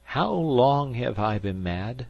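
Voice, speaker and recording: A man voicing a grave, dazed older man of faith who speaks formally and slowly. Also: mid-range voice, animated, creaky, a little mellow, slightly rough, muffled recording, pitched above the performer's own voice, heavily acted. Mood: solemn. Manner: solemn, formal, measured.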